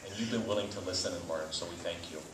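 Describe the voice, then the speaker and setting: A man's voice: low-pitched, fast, background noise. A man delivering a commencement speech to graduates, earnest and emphatic, repeating words for stress. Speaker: commencement speaker. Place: graduation ceremony venue. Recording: echoey venue from far off.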